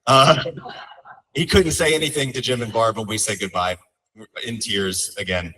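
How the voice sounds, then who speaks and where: A man's voice: lowish voice, unhurried, bright, forceful tone, far from the mic, poor audio. A young man speaking as a son at his father's memorial, telling heartfelt stories with light humor. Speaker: son giving a eulogy. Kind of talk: memorial eulogy storytelling.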